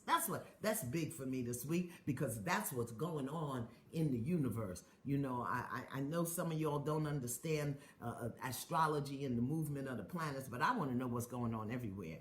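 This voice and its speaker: A woman's voice: rumbling low, expressive, fairly quick, few pauses, echoey room. Woman leading fervent call-and-response affirmations. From United States. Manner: greets viewers by place, reads comments aloud. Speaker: spiritual teacher hosting a live stream. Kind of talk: live-streamed affirmation session.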